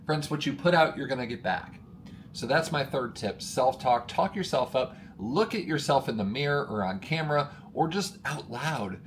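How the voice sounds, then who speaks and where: This motivational talk to camera comes from a male coach with a mid-pitched voice who speaks at normal speed. Energetic and emphatic, he addresses listeners as friends, presses each point hard, and gets increasingly worked up, with faint hiss in the background.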